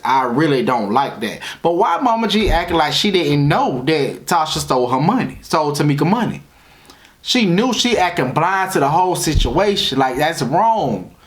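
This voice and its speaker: A man giving a casual, opinionated review of a reality TV episode, talking in slang with animated emphasis. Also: on the high side. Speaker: TV show reviewer. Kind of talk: casual commentary.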